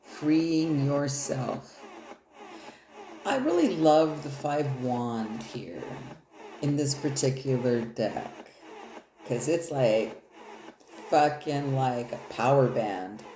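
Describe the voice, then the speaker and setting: With a rumbling low voice carrying a slight hiss or hum, a woman tarot reader rambles through a casual, cursing-laced reading. Loud music and room echo surround her.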